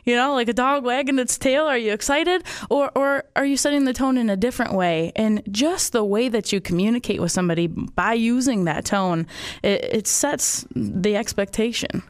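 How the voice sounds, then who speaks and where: A woman's voice: fairly high pitch, normal speed, smooth. A woman guest on a podcast who coaches instructors, talking in a friendly, conversational way. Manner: friendly, conversational, laughs often. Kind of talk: casual podcast talk.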